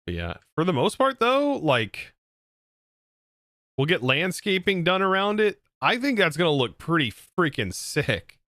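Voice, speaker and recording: A man's voice: a little high, wildly swooping pitch, a little slow, a bit bright, no room sound, studio quality. A man streaming a game, chatting casually in a rambling way with restarts. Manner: rambling, with frequent restarts and laughs. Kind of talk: casual gameplay livestream chat.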